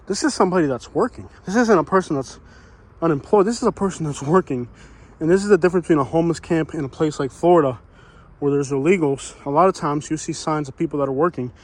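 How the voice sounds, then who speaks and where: A man out of breath, walking through hot woods and talking in a rambling, folksy way full of "you know," as he vlogs. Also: a little high. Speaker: vlogger exploring homeless camps. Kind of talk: casual walking vlog narration. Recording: faint outdoor ambience.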